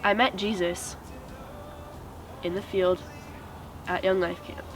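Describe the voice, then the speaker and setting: A teenage girl giving an earnest, steady personal testimony as a student. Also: on the low side, takes it slowly, low-quality recording. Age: teens. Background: music.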